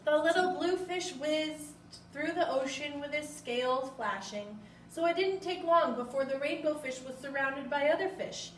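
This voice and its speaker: High-voiced woman reading a storybook. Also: normal speed, few pauses, a bit bright, a little hiss or hum. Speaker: library storytime host. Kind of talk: reading a picture book aloud. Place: library room. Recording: echoey room, mic far off.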